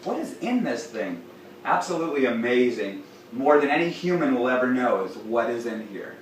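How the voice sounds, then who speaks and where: A man hosting a raw food cooking show, talking playfully and warmly and chatting to his cat as he prepares a dish in a home kitchen. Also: medium pitch, big pitch swings, moderate pace, a little hiss or hum. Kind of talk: casual cooking demonstration. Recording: very echoey room, distant mic, faint ambience.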